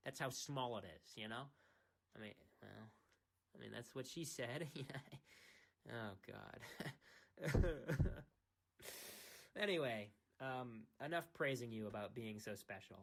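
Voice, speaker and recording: Bright-voiced young man rambling into phone. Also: mid-range voice, animated, slow pace, creaky, long pauses. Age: young adult. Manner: rambling, self-mocking, playful teasing. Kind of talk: casual rambling monologue. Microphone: phone microphone.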